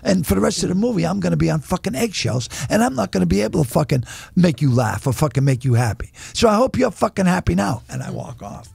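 A man in his sixties with a Boston accent, a comedian telling profane, animated stories in a casual interview. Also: sits high, fast, vocal fry, breathy edge, no room sound. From Boston area. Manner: profane, animated anecdote-teller who acts out quotes. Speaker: guest comedian.

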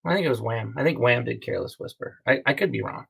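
Joking middle-aged man, bright voice. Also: mid-range voice, fast talker, gravelly, husky. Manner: relaxed, joking, reads viewer comments. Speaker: host. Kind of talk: casual live-stream chat.

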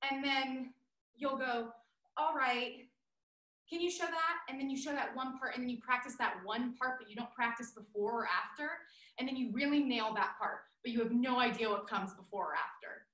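A young woman leads a dance class over a video call, her high voice bouncing around a roomy space. She is playful and energetic, calling out counts as she teaches. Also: brisk. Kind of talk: online dance class instruction. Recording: roomy echo.

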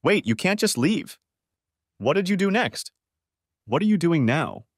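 A man's voice: on the high side, very animated, measured pace, dry recording, studio quality, pitched above the performer's own voice, exaggerated voice. A man voicing a curious woman at a bar who presses to hear the rest of a story. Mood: eager. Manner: eager, pressing.

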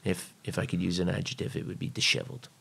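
Gravelly low-voiced man telling a story. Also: monotone, fast, a bit bright. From United States. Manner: blunt, profane, swears freely. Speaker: podcast guest. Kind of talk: casual storytelling.

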